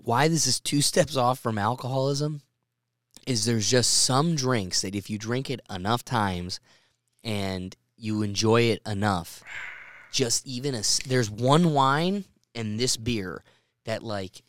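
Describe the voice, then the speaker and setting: A man's voice: medium pitch, measured pace, fairly bright tone, dry recording, studio quality. A man hosting a podcast, chatting casually and jokily while tasting beer, rambling a little as he drinks. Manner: rambling, jokey, tipsy. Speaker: podcast host.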